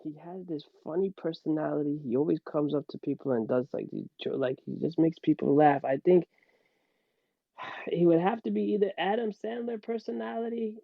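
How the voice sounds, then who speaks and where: A man's voice: a little high, steady tone, normal speed, creaky, no room sound. A man guest on a casual podcast, rambling with many restarts and laughing as he talks. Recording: dull, dry, lo-fi sound.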